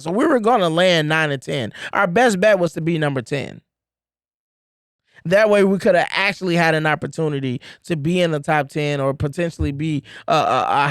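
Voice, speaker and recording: A man co-hosting a sports podcast, talking in an animated, emphatic way and repeating words for effect. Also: fairly high pitch, smooth, dry recording, studio quality. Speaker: podcast co-host. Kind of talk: casual sports chat.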